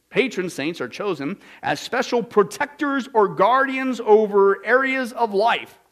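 A man preaching a sermon, reading passages aloud and answering them with rhetorical questions and sarcastic asides. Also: on the high side.

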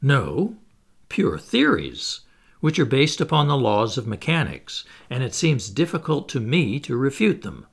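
Bold, unflappable adventurer with a gravelly, lively delivery, read by a man, for a storybook. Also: mid-range voice, a little slow, exaggerated voice. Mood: assured. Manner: cheerful, assured, explanatory. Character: confident witty male adventurer, unflappable.

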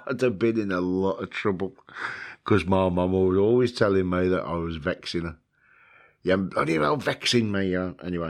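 A man hosting a casual video, rambling through a list with lots of ums, joking about himself and swearing now and then. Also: sits low. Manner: rambling, self-mocking, with frequent ums and swearing. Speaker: video host.

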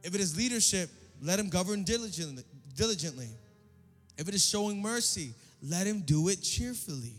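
A man's voice: sits high, a little fast. Guy pastor preaching in church, pumps up the crowd, repeats lines, echoey big room. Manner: energetic preaching with call-and-response and repetition. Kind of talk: sermon. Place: church service. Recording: long hall reverb, faint music.

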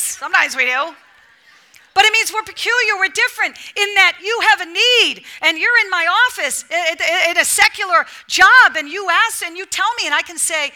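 Preaching to a gathering of women, this speaker has an extremely high voice and keeps a moderate pace. Her delivery is animated, shifting from forceful, loud outbursts to quiet, near-whispered passages.

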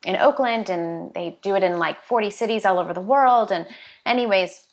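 A woman's voice: medium pitch, normal speed, muffled recording. A woman public speaking trainer, a podcast guest, talking earnestly in a casual style full of "like" and "you know". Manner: warm-hearted, earnest, lots of "like" and "you know" fillers. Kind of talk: casual conversational interview.

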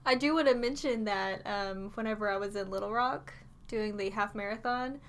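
A woman's voice: medium pitch, moderate pace, fairly bright tone. A woman co-hosting a library podcast, chatting casually and telling stories. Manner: chatty, storytelling. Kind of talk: casual chat.

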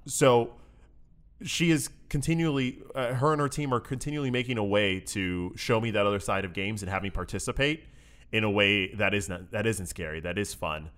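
A man's voice: lowish voice, moderate pace, a bit bright. A young man co-hosting a podcast in casual chat, rambling and self-mocking, laughing often. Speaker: podcast co-host. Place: room above a comic shop.

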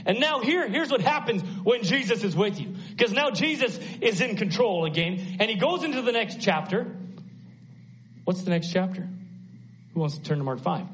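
Male preacher, high lively voice, dramatic, acts out the voices in the story, dull lo-fi recording. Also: moderate pace. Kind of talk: sermon. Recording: dull lo-fi sound.

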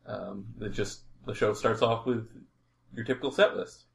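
A man with a lowish voice runs a tabletop role-playing game, easygoing and chatty. He rambles through the scene and laughs often. A faint hiss sits behind him. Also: fairly even intonation, moderate pace, creaky. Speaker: game master.

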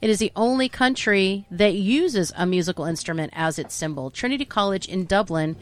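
A woman's voice: mid-range voice, brisk. Wry, teasing woman podcast co-host. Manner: wry, teasing, swears casually. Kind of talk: casual chat.

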